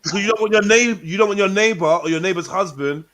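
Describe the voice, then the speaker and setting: A man hosts a loose online panel chat, bantering with his guests and repeating himself for effect. His voice sits a little high for a man. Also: fast, over a noisy crowd. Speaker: host.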